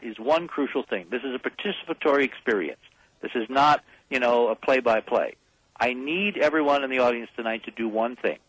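A man's voice: mid-range voice, a bit bright, dry recording, low-quality recording. A man speaking as a radio talk show guest, pressing his case with firm emphasis. His voice sits in an ordinary middle range, and the sound is dry with no room around it. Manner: emphatic, persuasive, rallying listeners.

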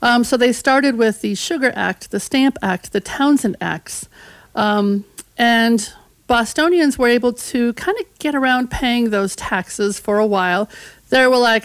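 A woman's voice: a little high, unhurried, no echo. A woman historian as a radio guest, explaining history casually and acting out voices from the past. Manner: conversational storytelling, acts out voices of history.

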